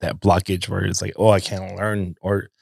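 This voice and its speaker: Deep voiced podcast host guy, chill thoughtful questions, dry sound. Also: flat delivery, normal speed, gravelly, a little mellow, breathy edge, no room sound. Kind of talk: casual chat.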